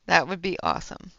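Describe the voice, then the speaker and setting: A woman hosts a coloring livestream and chats slowly and easily with her viewers, with lots of fillers and laughter. Her voice is bright and clear with a gravelly edge. The sound is dry and a little dull. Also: fairly low pitch, no room sound. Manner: chatty, reads and answers chat, laughs often, many fillers. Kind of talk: casual livestream chat while coloring.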